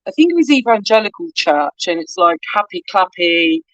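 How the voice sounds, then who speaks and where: A woman's voice: fairly low pitch, big pitch swings, normal speed, no echo, highs cut off. A middle-aged woman with a West Country accent, a podcast guest telling candid, story-filled anecdotes and swearing freely. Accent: West Country English. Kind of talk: casual podcast chat.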